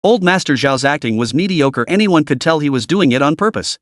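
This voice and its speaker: A man's voice: fairly high pitch, a little fast, no echo, clean studio sound. A man narrating a dramatic story recap in a scripted reading voice. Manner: lively storytelling, reads all characters' lines himself.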